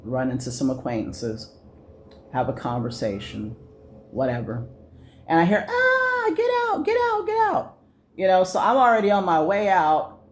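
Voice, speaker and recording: A man's voice: medium pitch, slight background noise. A young man ranting casually to camera, swearing often and rambling with many fillers and restarts. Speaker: vlogger.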